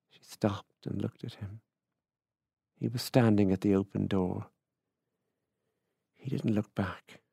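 Man reading a story slow and even, gravelly low voice, dry close mic. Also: no echo. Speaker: author reading fiction. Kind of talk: literary reading.

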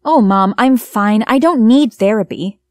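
A woman's voice: fairly high pitch, measured pace, dry recording, studio quality. A young woman narrating her own story in the first person, acting out her own lines with feeling. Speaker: narrator and lead character. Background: background music.

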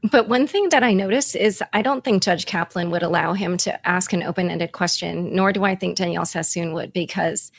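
A woman's voice: lowish voice, vocal fry, slight background noise. A woman hosting a podcast interview, talking conversationally about a court case she attended. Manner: conversational, reacts with quick agreement. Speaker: podcast host.

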